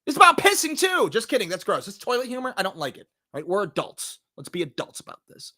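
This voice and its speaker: Lively high-voiced man reviewing movies. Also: fast. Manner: animated, jokey, profane, acts out scenes in put-on voices. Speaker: podcast host reviewing movies. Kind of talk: casual movie review chat.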